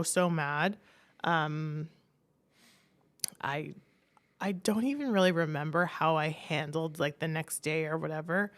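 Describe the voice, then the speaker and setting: Gravelly low-voiced woman telling a candid story. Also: a bit bright. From Canada. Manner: frank, peppered with "like", swears casually. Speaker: podcast guest.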